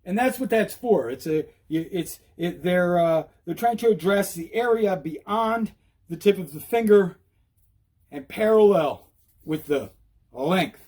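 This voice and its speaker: A man giving an animated, repetitive how-to talk while riding outdoors, out of breath. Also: sits high, unhurried. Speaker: e-bike vlogger. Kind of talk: casual instructional talk.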